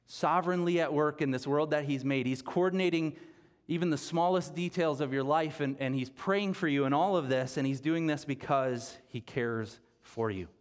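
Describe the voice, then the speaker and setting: Guy pastor giving a sermon, earnest, mid pitch, trips over words and repeats them a bit. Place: church sanctuary.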